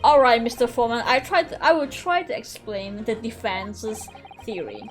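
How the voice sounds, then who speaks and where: A woman reading the lines of an earnest young male defense lawyer in a courtroom video game, measured and deliberate. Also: on the high side, lively intonation, close to an everyday voice.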